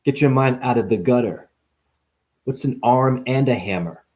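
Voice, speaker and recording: Man, spiritual vlogger, rapid puns, profane, mid-pitched voice, jumpy. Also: a little mellow. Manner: rapid free-associating punning, profane, laughing, preachy. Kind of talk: rambling spiritual wordplay monologue.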